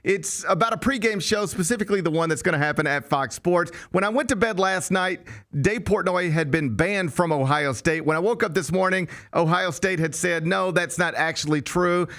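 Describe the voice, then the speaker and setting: A man's voice: sits high, moderate pace, fairly bright tone. A man hosting a college sports talk show, interviewing a guest and making his case at length. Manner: conversational, argues points at length. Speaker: sports radio host.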